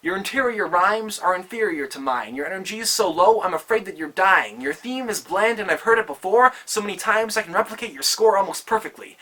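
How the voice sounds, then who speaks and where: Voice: mid-range voice, lively intonation, brisk, few pauses, sharp tone. A rapper giving a comedic diss performance with a mocking, rhythmic rhyming delivery.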